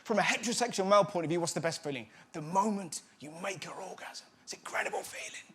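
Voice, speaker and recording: A man with a high, quick voice hosts a stand-up monologue, mocking his targets and dropping into silly voices. He's in a studio before a live audience, and the recording is loud with crowd noise and laughter.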